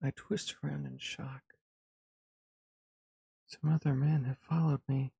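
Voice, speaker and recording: A male streamer reading a visual novel aloud in the first person, with tense, halting delivery. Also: mid-range voice, level tone, vocal fry, dark tone, husky, no echo.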